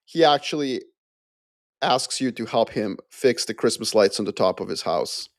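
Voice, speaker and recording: A man, a podcast guest, explaining his view with animated storytelling and playful asides. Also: mid-range voice, moderate pace, no room sound, studio quality. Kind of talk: casual geopolitical discussion.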